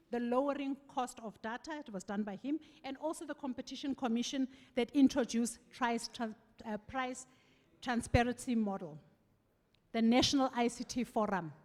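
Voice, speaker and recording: A middle-aged woman with a South African accent tells stories at a farewell event, slipping into the voices of the people she remembers. Her voice sits somewhat high. It rings with the long reverb of a large hall. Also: normal speed. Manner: animated storytelling, acting out quoted voices. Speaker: farewell speaker. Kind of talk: anecdotal farewell speech.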